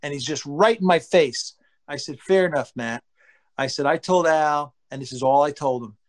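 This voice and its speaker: Speaking at a normal speed, a former baseball pitcher shares relaxed stories in an animated way, voicing what his teammates said and cursing casually.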